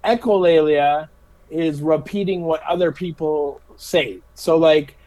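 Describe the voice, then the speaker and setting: A middle-aged special education teacher, his voice a little high and unhurried, tells stories in a casual interview, often repeating his words and laughing as he goes. He's an animated storyteller, captured on a low-quality recording.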